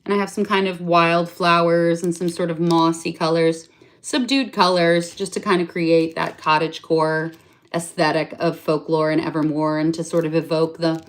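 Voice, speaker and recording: A young woman with a slightly low voice talks through a handmade craft project in a casual vlog. She rambles and trips over her own sentences, stopping to correct herself. She pokes gentle fun at how far she went with it. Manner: chatty and rambling, full of self-corrections and hedging fillers; enthusiastic and self-mocking about her detail. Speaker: craft vlogger. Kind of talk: casual show-and-tell.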